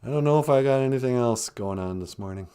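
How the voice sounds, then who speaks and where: A man's voice: medium pitch, quick pace, mellow, clean tone. Easygoing man hosting a podcast. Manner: joking, easygoing banter. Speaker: podcast host. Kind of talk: casual live-stream chat.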